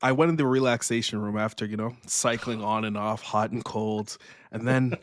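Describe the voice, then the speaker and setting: A man's voice: fairly low pitch, fairly even intonation, moderate pace, dry recording, clean studio sound. A man in his thirties co-hosting a podcast, laid-back, often laughing and restarting his words. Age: 30s. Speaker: podcast co-host. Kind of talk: casual podcast chat.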